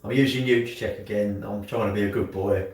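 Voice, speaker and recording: A man's voice: lowish voice, fairly even intonation, fairly quick, darkish tone. Male streamer, rambly chatter, distant phone mic in an echoey kitchen. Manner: rambling, muttering to himself while doing chores. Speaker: livestreamer. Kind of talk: casual live-stream chat. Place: home kitchen. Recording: echoey room, mic set far off.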